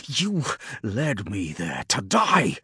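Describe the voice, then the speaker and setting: A man's voice: medium pitch, animated, measured pace, dry recording, studio quality. Guy doing a worn out bitter swordsman, voice pushed up and strained. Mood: snarling. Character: bitter young male swordsman, angry, betrayed.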